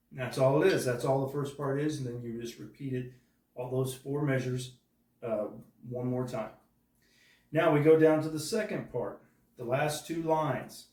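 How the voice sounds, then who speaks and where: Heard from far off in a room full of echo, this man teaches a drum part one step at a time and patiently counts each rhythm aloud. His voice is medium in pitch at a moderate pace, and the audio is very noisy.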